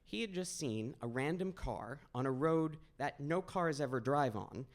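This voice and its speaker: This twentysomething from Maine, USA, shares a personal tale live at a storytelling event's small stage. Speaking in a fairly high, animated voice at a measured pace, he keeps it conversational and wry, poking fun at himself.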